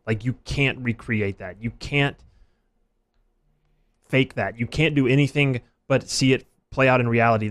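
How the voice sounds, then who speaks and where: A man hosting a casual sports podcast, talking in quick, animated bursts and joking at his own expense. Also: medium pitch. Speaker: podcast host.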